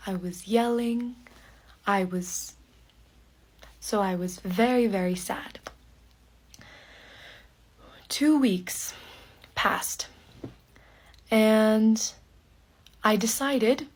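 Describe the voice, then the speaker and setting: A woman telling a personal story in a slow podcast for learners, in short phrases with pauses and some words whispered. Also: mid-range voice. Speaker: podcast speaker.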